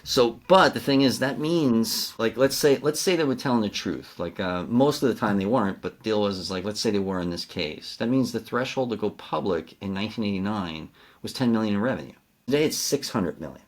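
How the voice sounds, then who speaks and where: A middle-aged American man, a CEO coach guesting on a podcast, telling animated business anecdotes and acting out the dialogue, with many fillers. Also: fairly low pitch, fairly quick. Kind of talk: storytelling in a business interview.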